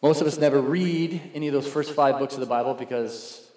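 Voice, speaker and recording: A man's voice: medium pitch, a little fast, darkish tone. Guy pastor giving a chatty sermon, roomy hall with long echo. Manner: conversational storytelling, acts out quoted voices. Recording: echoey hall.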